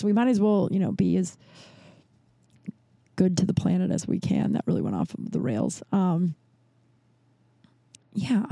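A woman's voice: mid-range voice, moderate pace, dark tone, no echo. A woman hosting her own podcast, talking casually and bluntly, rambling through stories with plenty of swearing. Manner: blunt, rambling storytelling with profanity. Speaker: podcast host. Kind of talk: casual solo podcast chat.

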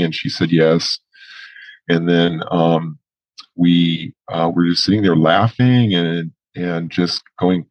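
A man's voice: low-pitched, steady tone, slow pace, no room sound, lo-fi sound. A middle-aged man as a podcast guest, recounting a conversation with fillers and restarts. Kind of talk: casual interview storytelling.

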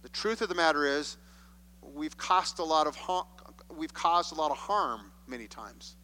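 A man preaching a sermon, reading scripture and acting out the voices he quotes with expressive shifts. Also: fairly high pitch, normal speed. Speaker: pastor. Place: church sanctuary. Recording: long hall reverb.

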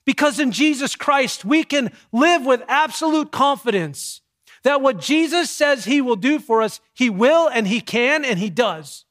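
A man, a pastor with young kids, preaching a sermon with emphatic, measured delivery and dramatic pauses. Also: very high-pitched, lively intonation, a bit bright.

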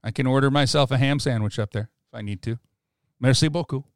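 A man's voice: medium pitch, quick pace, clean tone, no room sound, clean studio sound. A man co-hosting a casual hockey podcast, joking and laughing often. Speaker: podcast co-host.

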